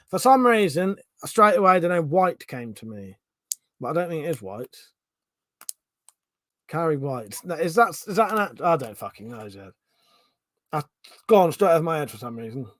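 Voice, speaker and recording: A man's voice: a little high, expressive, normal speed, long pauses, a bit bright, dry recording. A man with a Home Counties English accent hosting a casual live stream, reading out chat questions, thinking aloud and swearing freely.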